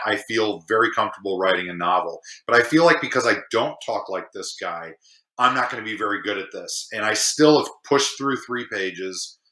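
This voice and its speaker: A man's voice: fairly low pitch, sharp tone. Chatty Chicago man in an echoey room. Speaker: podcast guest, screenwriter. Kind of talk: casual podcast chat.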